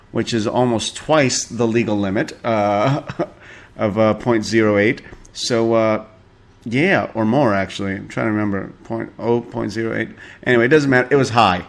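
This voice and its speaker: A man hosting a podcast, gossiping about celebrities with sarcastic, profane remarks and frequent chuckles. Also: fairly low pitch. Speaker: podcast host. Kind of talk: casual celebrity gossip commentary.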